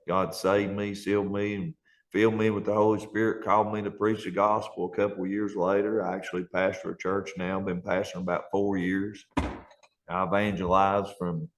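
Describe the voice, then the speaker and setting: A man, a pastor, telling his personal testimony in an earnest, emotional way. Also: low-pitched. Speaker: pastor and band member.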